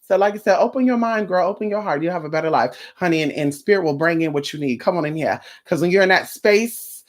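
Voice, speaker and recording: A sassy streamer chats loosely with the live audience, stretching out endearments like honey and girl and swearing freely. The voice sits at an ordinary middle pitch, and the talk drifts from topic to topic. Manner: sassy, campy, drawn-out endearments, frequent profanity; chatty, rambling from topic to topic. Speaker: live streamer greeting chat viewers. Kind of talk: casual live-stream chat.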